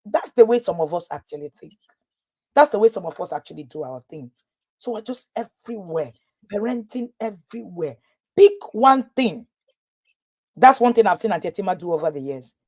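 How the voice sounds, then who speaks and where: A woman's voice: on the low side, moderate pace, husky. A woman, a parenting coach talking to parents in a live webinar, telling stories and acting out what people said. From Nigeria. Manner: lively storytelling, acting out quoted voices.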